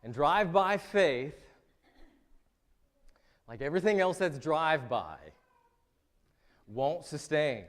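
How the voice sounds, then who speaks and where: A man's voice: fairly high pitch, animated, slow, pauses often, big-room sound. A man preaching a sermon as pastor in a church, talking to the congregation in a joking, conversational way. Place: church sanctuary.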